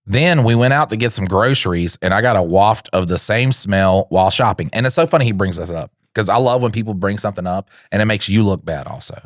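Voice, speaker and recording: A man's voice: on the low side, lively intonation, fairly quick, hardly any pauses, dry recording, studio quality. A young adult man co-hosting a comedy podcast, rambling crudely and acting out silly voices. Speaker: podcast co-host. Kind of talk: comedic reaction chat.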